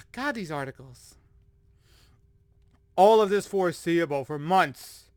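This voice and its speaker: A man's voice: a little high, lively intonation, takes it slowly, dry recording. A man ranting sarcastically in a commentary video, exasperated and profane, sighing often and repeating himself in frustration. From United States. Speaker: commentator reacting to news articles.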